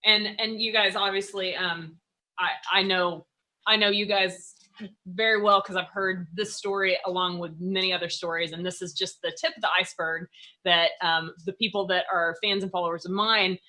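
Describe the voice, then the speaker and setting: A woman hosting an interview, praising her guests effusively in a relaxed chat. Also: lowish voice, normal speed, low-quality recording. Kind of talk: casual interview talk.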